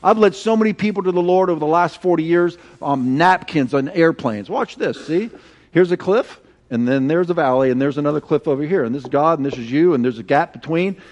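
High-voiced man preaching with call-and-response. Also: brisk, dull audio. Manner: animated and conversational, leads call-and-response with the congregation. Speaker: pastor. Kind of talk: sermon. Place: church sanctuary.

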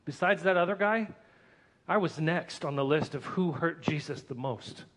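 A man narrating a dramatic first-person story in an earnest, emotional way, swelling with excitement at tense moments. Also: fairly high pitch, normal speed.

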